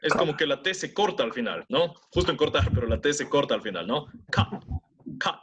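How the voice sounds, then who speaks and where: Man, English teacher, animated pitch, slightly high voice, faint background noise. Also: racing. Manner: switches between English and Spanish, drills students with repeated words. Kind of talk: online class teaching pronunciation.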